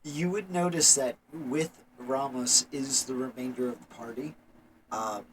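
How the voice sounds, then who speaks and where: A man's voice: medium pitch, unhurried, a bit bright, slight background noise, poor audio. A man narrating as game master, playful, with joking asides.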